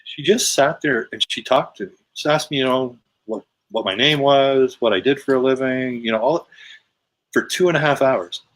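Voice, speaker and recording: A man's voice: medium pitch, normal speed, a bit bright. A man guest telling a personal story in casual, emphatic conversation. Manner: emphatic, retelling with quoted dialogue.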